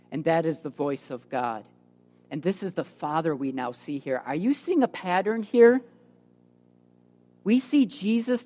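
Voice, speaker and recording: A woman's voice: on the low side, darkish tone. Woman preaching in an echoing hall. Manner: emphatic, rises and drops for emphasis. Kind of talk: sermon. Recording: reverberant hall.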